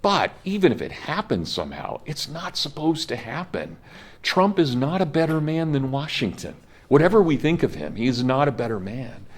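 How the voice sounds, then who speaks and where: A man's voice: medium pitch, sing-song, normal speed. A man in his fifties giving a college history lecture, speaking with passion and emphasis and talking directly to his students. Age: 50s. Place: classroom.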